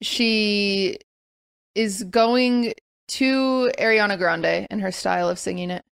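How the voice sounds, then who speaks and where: A woman's voice: mid-range voice, fairly even intonation, takes it slowly, gravelly, fairly bright tone, clear, resonant tone, no room sound, studio quality. A woman hosting a casual chat podcast, talking animatedly and rambling with restarts. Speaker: podcast host.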